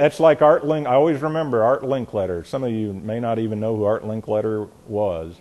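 A man's voice: mid-range voice, moderate pace, darkish tone. A man preaching a sermon in a conversational way, often restarting his words and chuckling, and building in intensity as he goes.

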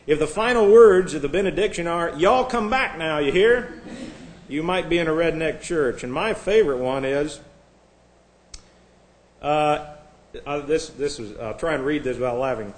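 A man's voice: on the high side, moderate pace. A man, a pastor, reading a list of jokes to his congregation and then moving into earnest Bible teaching.

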